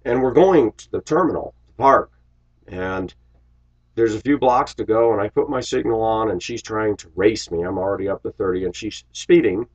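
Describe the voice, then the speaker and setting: Deep husky man, blunt storyteller. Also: normal speed, highs cut off. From Los Angeles, USA. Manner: blunt, opinionated, often clears his throat. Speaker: bus driver. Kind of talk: casual storytelling monologue.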